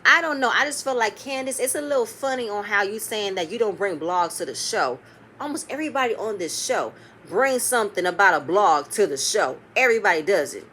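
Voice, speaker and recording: A woman giving a casual, animated recap of a reality show episode, quoting the cast and swearing freely. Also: fairly high pitch, slight background noise.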